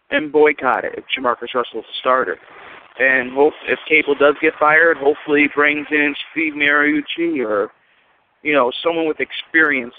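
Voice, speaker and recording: A man calling in to a fan show, bluntly laying out his opinions about his team. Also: medium pitch. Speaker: caller. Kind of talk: call-in voicemail. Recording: tinny phone line.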